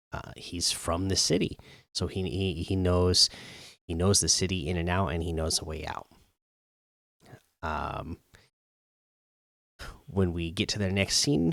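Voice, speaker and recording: Low-voiced man recapping casually. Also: no echo, clean studio sound. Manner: frequent ums and uhs, chuckles while retelling. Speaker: show host reviewing a TV episode. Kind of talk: casual spoken episode recap.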